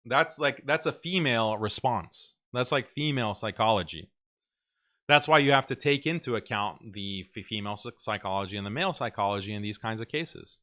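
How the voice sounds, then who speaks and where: A man hosting a casual livestream, reading viewer messages aloud and answering them bluntly, often mocking critics in a sarcastic, higher voice and laughing as he talks. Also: expressive, a little fast, sharp tone. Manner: mocking, with sarcastic high-pitched mimicry of critics; blunt, opinionated, laughs while talking. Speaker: show host reading viewer super chats.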